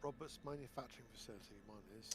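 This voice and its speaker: A man playing a video game with friends, chatting casually and agreeably, often with short quick replies. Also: mid-range voice, crowd noise. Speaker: co-player. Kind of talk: casual gaming chat.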